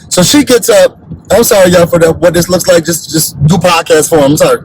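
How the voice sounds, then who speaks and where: Male recap host, high voice, sassy and blunt, acts out quotes, a little noise behind. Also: moderate pace, low-quality recording. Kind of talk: animated recap commentary.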